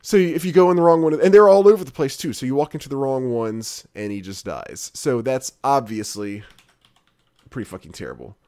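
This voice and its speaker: A man's voice: mid-range voice, expressive, brisk, a little mellow. A man hosting a casual chat, rambling and swearing freely with many restarts. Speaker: podcast host.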